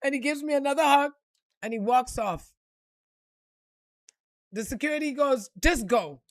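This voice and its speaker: Woman, casual profane vlog storyteller, slightly high voice, dry close sound. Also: normal speed, dry recording. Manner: animated and profane, acting out quotes with laughs. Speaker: vlogger telling a personal story.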